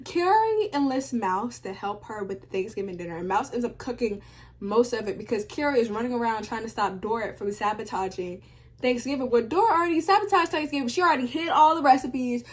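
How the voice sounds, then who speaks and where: A young woman recapping a TV show in casual commentary, sassy and animated, talking back to the characters. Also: fairly high pitch. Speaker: video essay host.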